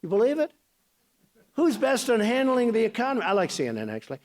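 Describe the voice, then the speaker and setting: A man's voice: extremely high pitch, huge pitch swings, fast, background noise. A man in his sixties giving a campaign speech as a political candidate, boastful and rambling in a conversational way.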